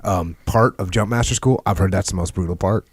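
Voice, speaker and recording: Deep-voiced man hosting a podcast interview. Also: brisk, slightly rough, no echo, clean studio sound. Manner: easygoing, teasing, laughs along. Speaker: podcast host. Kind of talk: conversational interview.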